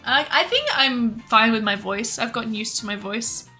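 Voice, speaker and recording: A woman's voice: on the high side, normal speed, pushed and bright, faint music behind. A young woman streamer in candid, rambling casual chat, swearing freely. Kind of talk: casual chat while cooking and gaming.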